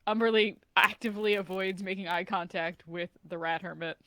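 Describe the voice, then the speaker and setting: A woman player chatting casually and quietly in a tabletop game. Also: mid-range voice, fairly even intonation, brisk. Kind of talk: casual chat.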